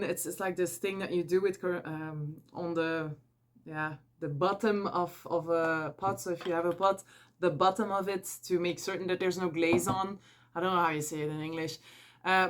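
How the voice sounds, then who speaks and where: A woman with a Flemish accent, Dutch her first language, telling a personal story in a casual, candid and animated way as an energy advisor. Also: mid-range voice. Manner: candid and animated, acting out quotes, laughing often.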